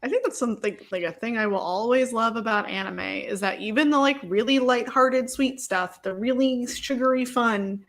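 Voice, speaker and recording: A woman's voice: a little high, normal speed, hardly any pauses. A woman co-hosting a podcast, chatting casually and enthusiastically, with lots of "like". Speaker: podcast co-host. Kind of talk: casual chat.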